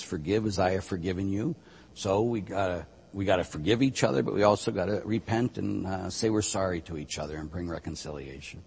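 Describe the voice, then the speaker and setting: A man, a priest, teaching on a talk show in an emphatic, animated way and acting out what penitents say. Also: low-pitched, breathy edge. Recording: long hall reverb.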